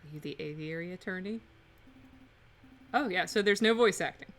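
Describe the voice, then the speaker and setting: A woman's voice: on the low side, moderate pace. A woman hosting a live game stream, chatting casually, joking and correcting herself as she rambles.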